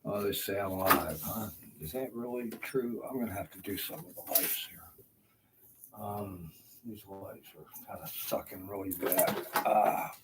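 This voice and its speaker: A man's voice: sits low, fairly even intonation, moderate pace. An older man streaming from his house, rambling, cursing and apologizing for it in frustration. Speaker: vlogger. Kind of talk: rambling live-stream talk. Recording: distant, noisy home recording.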